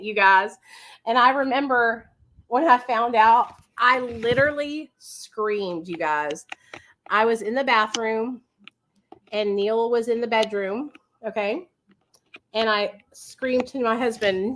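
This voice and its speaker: A woman's voice: a little high, fairly bright tone. Chatty woman telling her story. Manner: chatty, confiding, talks straight to viewers. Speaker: vlogger. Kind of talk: casual storytelling to viewers.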